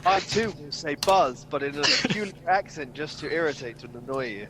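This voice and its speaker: A man's voice: a little high, a little fast, pushed and bright, slight background noise. A man co-hosting a casual podcast, teasing and mock-stern with the host.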